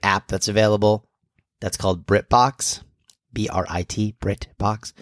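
A man co-hosting a podcast, chatting casually and rambling with many pauses and fillers. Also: fairly low pitch, level tone, no echo, studio quality. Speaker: podcast co-host. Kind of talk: casual chat.

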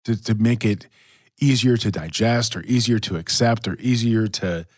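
A man's voice: on the low side, normal speed, darkish tone, dry recording, studio quality. A man co-hosting a church podcast, chatting casually about faith with lots of fillers and restarts. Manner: rambling, many fillers and restarts. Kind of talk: casual chat.

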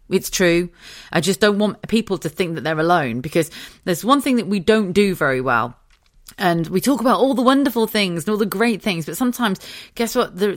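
A middle-aged woman hosting a solo podcast, sounding tired, with a low voice. She talks frankly and swears a lot, and she often laughs at herself. The recording is close and dry, with no room sound. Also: no room sound. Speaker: podcast host. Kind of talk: candid solo podcast monologue.

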